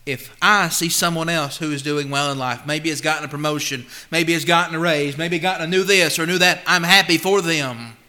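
A man preaching a sermon. He speaks emphatically, swings between loud and hushed, and reads scripture slowly and deliberately. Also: a little high.

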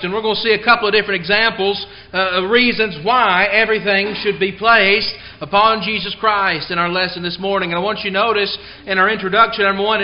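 Guy preaching sunday sermon, pretty high voice, leans hard on key words, kinda muffled lo-fi recording. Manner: emphatic, stresses key words; tells a joke before the lesson.

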